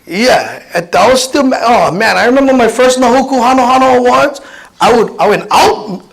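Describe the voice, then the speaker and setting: A man in his fifties from Hawaii with a Pidgin-tinged accent, a comedian telling personal stories in an animated, chatty keynote speech. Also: very high-pitched, moderate pace, creaky, low-quality recording. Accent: Hawaiian Pidgin-tinged English. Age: 50s. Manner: animated, chatty, many restarts and laughs.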